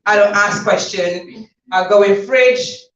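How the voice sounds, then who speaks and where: Woman author, informal launch speech, animated storyteller; dull roomy recording. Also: mid-range voice, takes it slowly, far from the mic. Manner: chatty, laughing, animated storytelling. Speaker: author thanking guests at book launch. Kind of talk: informal thank-you speech at an event. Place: event hall.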